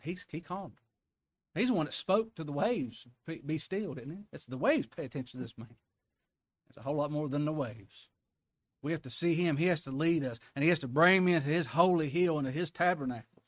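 Folksy preacher, dry sound. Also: male voice, on the high side, moderate pace, long pauses, no room sound. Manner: folksy and emphatic, chuckles, rises to a preaching cry. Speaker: pastor. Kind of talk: sermon.

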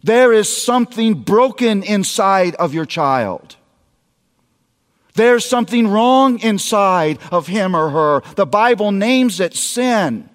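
A man's voice: high voice, expressive, takes it slowly, long reverb tail. A man preaching a sermon, emphatic and speaking straight to the parents in his audience. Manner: emphatic, addresses parents directly.

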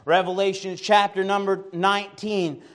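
A man preaching a fervent revival sermon, often shouting and repeating refrains. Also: level tone, moderate pace. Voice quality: gravelly, high-pitched voice.

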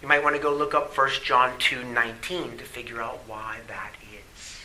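A male pastor delivering a sermon, reading scripture aloud and asking the congregation rhetorical questions, swinging from emphatic to hushed. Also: mid-range voice, little pitch movement, normal speed, rough recording. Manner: emphatic preaching with rhetorical questions, drops to quiet asides.

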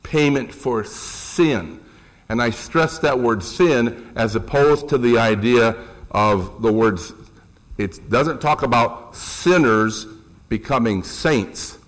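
A middle-aged man slowly preaches an animated sermon, raising his pitch for emphasis and putting questions to the congregation.

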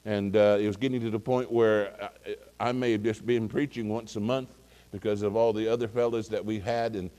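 A man's voice: on the low side, little pitch movement, a little fast, mellow. A man preaching, telling a rambling folksy story with many fillers and restarts. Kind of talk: casual sermon anecdote. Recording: long hall reverb.

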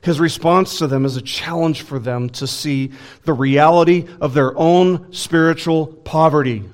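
A male pastor preaching an expository sermon, reading scripture aloud and acting out paraphrased dialogue with emphatic rises and quiet drops. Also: on the high side. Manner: voices scripture quotes and acts out paraphrased dialogue.

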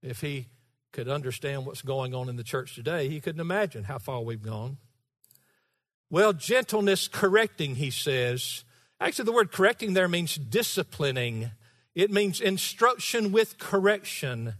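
Emphatic high-voiced preacher in an echoing church. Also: male voice, animated, normal speed. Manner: emphatic, rising to shouts; teasing the congregation. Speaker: pastor. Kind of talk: sermon. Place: large church with a balcony.

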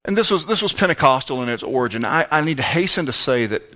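A man preaching a sermon as pastor, fervent, swinging between shouts and hushed tones. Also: mid-range voice, lively intonation, fast.

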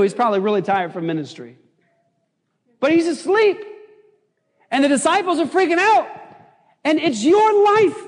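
High-voiced, animated male preacher in a hall. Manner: animated, jokey, swings from shouting to low intense emphasis. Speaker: pastor. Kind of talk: sermon. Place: church sanctuary.

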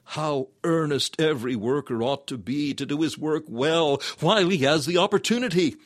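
A man's voice: a little high, moderate pace, no echo, clean studio sound. A man reading an old-fashioned sermon aloud in an earnest, exhorting, solemn manner. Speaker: sermon reader.

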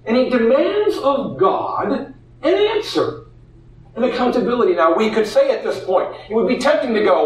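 A man preaching a sermon, expressive, acting out the voices in the story he tells. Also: very high voice, moderate pace. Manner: expressive, acts out quoted voices. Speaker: pastor. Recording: echoey room, heard from a distance.

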